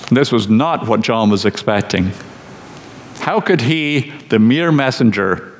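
Guy preaching, slow emphatic teaching voice, lowish, long hall echo. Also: a little hiss or hum. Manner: measured, emphatic teaching delivery. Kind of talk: sermon.

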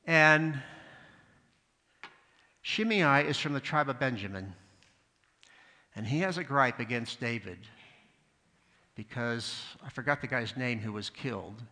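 With a medium-pitched voice that is bright, forceful, and expressive, a male pastor preaches a little slowly, leaving long pauses. Long hall reverb surrounds his sermon as he tells stories, adds asides, and voices the characters.

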